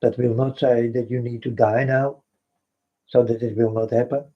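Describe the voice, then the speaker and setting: A man's voice: mid-range voice, level tone, moderate pace. A man with a Dutch accent, a native Dutch speaker, rambling through a spiritual vlog monologue in broken English, repeating himself and calling out to his folks. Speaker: vlogger. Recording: dull lo-fi recording.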